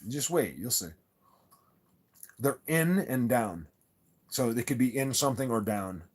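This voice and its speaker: A man with a medium-pitched, expressive voice hosts a casual livestream chat at a measured pace. Earnest and insistent, he rambles to his viewers, restarting often and repeating words.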